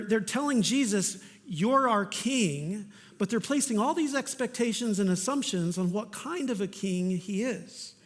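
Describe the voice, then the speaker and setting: In a church hall with long, ringing reverb, a male pastor delivers a sermon in a fairly high, slightly mellow voice. He's sincere and conversational, with the occasional casual aside.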